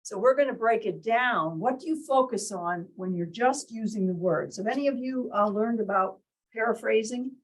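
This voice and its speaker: Husky-voiced woman leading a workshop. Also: on the high side, moderate pace, rough recording. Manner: quizzes the group, demonstrates tones of voice. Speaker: workshop leader. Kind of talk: interactive teaching talk. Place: indoor meeting room with window blinds.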